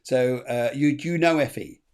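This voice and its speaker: A man's voice: mid-range voice, moderate pace, darkish tone. A man, hosting a live spiritual reading, talking in a chatty, repetitive way and laughing often. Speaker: medium, show host.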